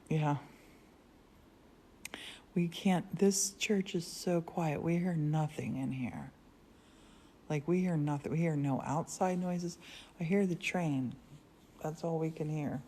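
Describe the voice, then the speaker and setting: A woman hosting a casual live stream, telling rambling stories with frequent laughs from a quiet converted church studio. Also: low voice. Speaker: livestream host. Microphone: phone livestream.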